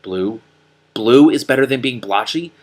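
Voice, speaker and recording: A man's voice: a little high, sing-song, moderate pace, slightly rough, pitched above the performer's own voice. A man voicing a hungry, whiny talking male donkey that complains plaintively. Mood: alarmed.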